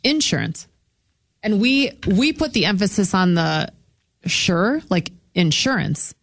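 A woman co-hosting a radio show, chatting in a quick, animated, teasing way. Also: mid-range voice. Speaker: radio co-host. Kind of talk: casual morning radio banter.

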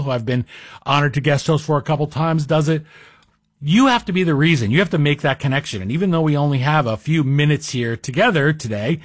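A man's voice: on the high side, dry recording. A man guest-hosting a talk radio show, speaking in a rambling, self-deprecating, conversational monologue into a studio microphone.

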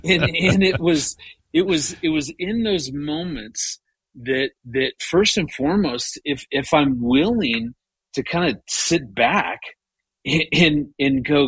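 Husky-voiced man telling a story. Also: a little high, slow, dry recording, rough recording. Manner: animated, retells his inner rants with rising voice; frequent repeated-word restarts. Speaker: guest. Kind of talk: storytelling in conversation.

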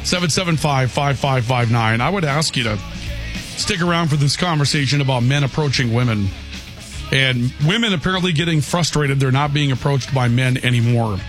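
A man hosting a talk radio show, chatting in a relaxed, wry way. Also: medium pitch, a little fast, faint music behind. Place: radio studio.

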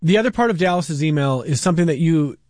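A man hosts a call-in radio show, reading out listener emails and turning them into questions for his guest. His slightly higher voice sounds close and dry, and his tone stays conversational. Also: animated, fast, a little mellow, no echo. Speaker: radio talk show host.

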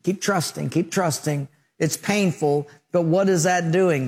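A middle-aged male pastor preaching on the radio, slightly higher-pitched than most men. He tells vivid stories and acts out the scenes with sound effects. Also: measured pace, hardly any pauses, a little mellow, breathy edge. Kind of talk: radio sermon.

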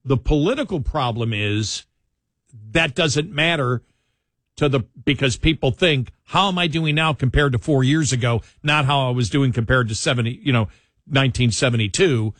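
A man's voice: medium pitch, moderate pace, fairly bright tone, dry recording. A man co-hosting a talk show, speaking in an emphatic conversational style and often circling back to repeat his point. His voice sits in a middle register. The sound is dry, with no room around it. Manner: emphatic, repeats himself, frequent restarts. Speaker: co-host of political talk show. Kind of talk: conversational political commentary.

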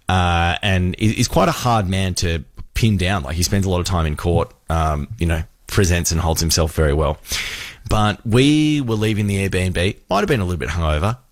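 A radio host telling a story with animated delivery, acting out the people in it. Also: male voice, low-pitched, moderate pace, no echo, clean studio sound. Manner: animated storyteller, acts out voices.

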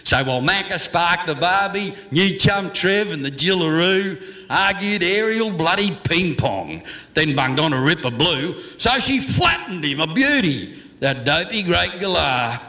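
A man's voice: high-pitched, big pitch swings, a little slow, sharp tone. A man performing a comic slang verse, with a theatrical, swooping delivery and chuckles.

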